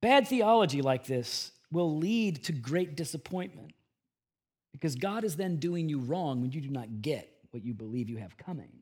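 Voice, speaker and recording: A middle-aged man preaching a sermon as pastor of a church, shifting from hushed, earnest tones to loud, emphatic bursts. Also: a little high, expressive, normal speed, husky.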